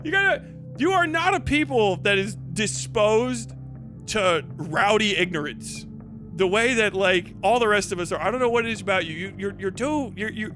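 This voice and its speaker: High-voiced guy ranting on a stream, swears a ton, laughs a lot, music playing under him. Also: sharp tone. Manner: profane, laughing, rambling. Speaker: livestream host. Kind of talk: casual livestream rant.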